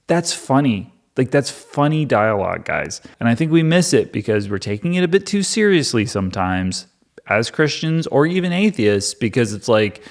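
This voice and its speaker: An amused man chatting casually to camera as he hosts a video about scripture. His speech is relaxed and full of asides and "like"s, at an average pitch. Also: moderate pace. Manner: amused, conversational, with many filler "like"s. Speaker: Bible-reading YouTuber. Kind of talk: casual commentary.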